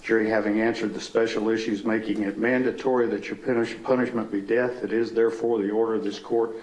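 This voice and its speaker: A man's voice: on the low side, little pitch movement, a little mellow. Formal male judge in an echoey courtroom. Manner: measured, formal, reads aloud. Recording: echoey courtroom with faint noise.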